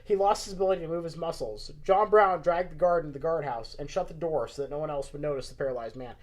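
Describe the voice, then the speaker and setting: A man's voice: fairly high pitch, quick pace. A young man with a Southern accent reading a story aloud and bantering, chatty, self-deprecating and a bit tipsy. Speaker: story reader, podcast co-host.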